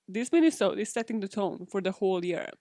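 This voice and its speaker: A woman's voice: medium pitch, lively intonation, brisk, warm tone, no room sound, studio quality. A young British woman hosting a solo podcast in a chatty, giggly way, swearing freely. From Britain. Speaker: podcast host. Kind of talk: casual solo podcast chat.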